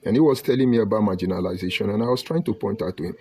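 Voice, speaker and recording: A man's voice: lowish voice, very fast, darkish tone. A middle-aged man with a Nigerian accent giving an emphatic, argumentative political commentary monologue.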